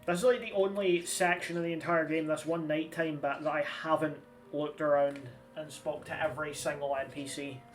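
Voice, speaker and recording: A man's voice: a little high, fairly even intonation, moderate pace, a little hiss or hum. A man, giving casual, rambling gameplay commentary and swearing freely. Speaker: streamer. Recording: slightly distant mic with game music.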